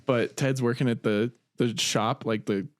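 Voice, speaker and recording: A man's voice: mid-range voice, measured pace, dry recording, clean studio sound. A young man co-hosting a podcast in casual chat, swearing freely and telling stories with energy. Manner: swears freely, animated storyteller. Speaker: podcast co-host.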